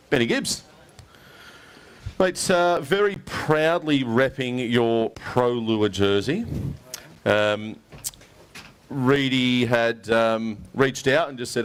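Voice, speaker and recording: A man's voice: mid-range voice, slow pace, clear, resonant tone. An Australian man emceeing an outdoor fishing weigh-in, chatty and joking with each angler. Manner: chatty, jokey, mate-heavy banter. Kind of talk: casual event commentary.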